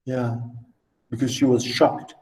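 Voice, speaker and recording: A man's voice: mid-range voice, level tone, slow pace, a little mellow, roomy sound, low-quality recording. A man teaching literature, explaining a novel to his class with theatrical readings. He swings from mutters to exclamations. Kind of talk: class lecture with dramatic readings.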